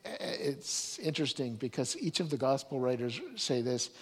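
A man's voice: medium pitch, expressive, normal speed, breathy edge, long reverb tail. A man preaching a sermon, telling the story earnestly and stumbling over restarts and repeated words.

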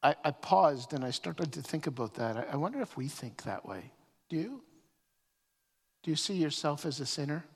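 Guy preaching, keeps restarting words, big swings loud to hushed, echoey church hall. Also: a little high, big pitch swings, moderate pace, breathy edge. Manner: repeats words when starting phrases, rises and falls sharply in emphasis. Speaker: pastor. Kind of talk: sermon. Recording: long reverb of a hall.

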